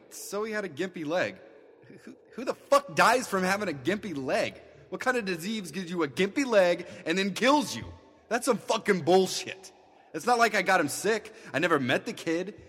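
A man's voice: high voice, fairly bright tone, slightly rough, big-room sound, exaggerated voice. An actor playing a brash, foul-mouthed, selfish male miser who curses and mocks constantly. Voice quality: crude, cursing, sarcastic. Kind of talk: comedy audio parody.

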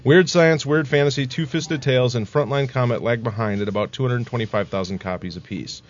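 A man's voice: medium pitch, steady tone, brisk, dull audio. A man co-hosting a podcast, reading a scripted history aloud in a casual way and laughing at his own slips.

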